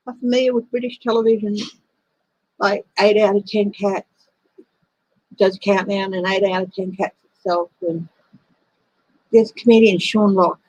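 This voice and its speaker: A woman's voice: mid-range voice, fairly even intonation, measured pace, long pauses, a little mellow, dull audio. A woman, hosting a casual tarot livestream and chatting in a rambling way while she thinks aloud. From Australia. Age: 50s.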